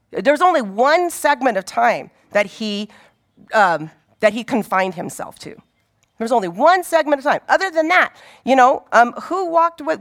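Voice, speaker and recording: Lively conversational woman teaching scripture. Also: on the high side. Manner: conversational, animated, asks rhetorical questions. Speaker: Bible teacher. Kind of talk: informal Bible teaching.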